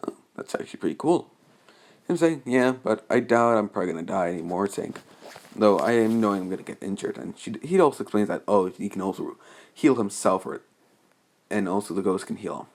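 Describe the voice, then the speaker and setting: Young man, low-ish voice, unscripted fan story recap, hesitant, rambling delivery. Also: darkish tone. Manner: rambling and hesitant, many restarts and fillers.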